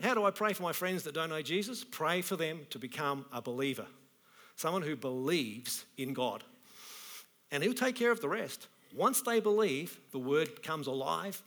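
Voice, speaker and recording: Pastor preaching in a casual, lively style. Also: male voice, on the high side. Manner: colloquial, animated preaching. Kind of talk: sermon.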